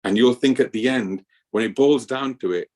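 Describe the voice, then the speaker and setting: A man's voice: medium pitch, normal speed. A man giving an earnest scripture class at a temple, telling stories as he talks. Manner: storytelling, earnest, lively with acted quotes.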